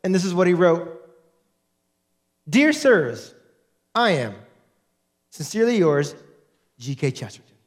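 A man preaching a sermon as a pastor, animated and acting out the people he quotes. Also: sits high, unhurried, pauses often. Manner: animated, acts out quoted voices in his preaching.

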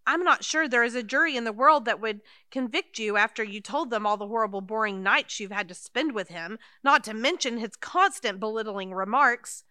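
A woman's voice: on the high side, moderate pace, few pauses, sharp tone, clean tone, no echo, studio quality. An actress playing Mildred, a timid, fussy elderly woman in an audio drama. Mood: relieved. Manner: fussy, anxious, flustered.

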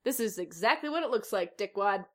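A woman's voice: medium pitch, lively intonation, a little fast, a bit bright, natural voice. A woman reading as a crude, mocking bad girl. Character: crude rude female helper being. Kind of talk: reading fan fiction aloud.

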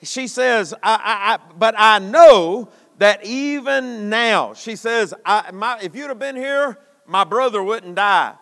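A man preaching a sermon, building to shouted emphasis with long dramatic pauses. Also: sits high, creaky. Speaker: pastor. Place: church sanctuary. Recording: long reverb of a church hall.

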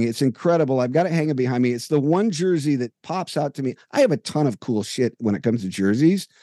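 Podcast guy rambling through a long story, warm mellow voice, dry sound, does all the dialogue himself. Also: mid-range voice, dry recording. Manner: long, detailed anecdotes with lively retold dialogue. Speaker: podcast co-host. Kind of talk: casual storytelling chat. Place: home room with jerseys on the wall.

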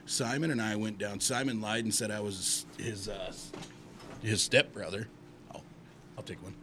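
Man from Montana, lowish voice, loose profane storyteller, slight background noise. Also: fairly even intonation, moderate pace, bright, forceful tone. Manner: rambling, profane, with many uh fillers. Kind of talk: casual storytelling.

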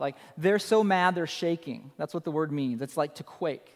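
A man's voice: sits high, normal speed, few pauses, a little mellow, long reverb tail. A man preaching a sermon as pastor, emphatic and conversational, repeating his key phrases for effect.

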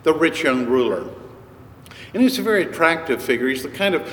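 A man preaching a sermon, telling stories in an unhurried, conversational way. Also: fairly high pitch, lively intonation, a bit bright, a little hiss or hum. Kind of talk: sermon storytelling. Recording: echoey hall with long reverb.

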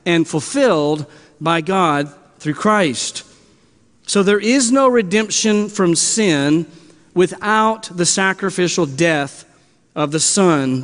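A man with a notably high speaking voice teaches from the pulpit in an earnest, explanatory sermon. He circles back to key phrases and restarts his sentences as he works through the text. His voice rings out with a long reverb in a church hall. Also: fairly bright tone. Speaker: pastor. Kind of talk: expository sermon.

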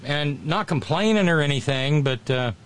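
A man's voice: a little high, expressive, normal speed. A middle-aged man, casually chatting and reading viewer comments, rambling with many restarts and wry asides. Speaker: livestream host.

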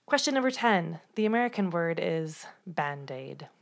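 A woman co-hosting a podcast who asks the quiz questions, brisk and matter-of-fact. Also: lowish voice, lively intonation. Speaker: podcast co-host, quizmaster. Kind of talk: casual quiz chat.

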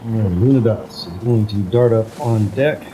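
Mellow, low-voiced male player. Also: normal speed, soft background music, poor audio. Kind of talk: casual tabletop play.

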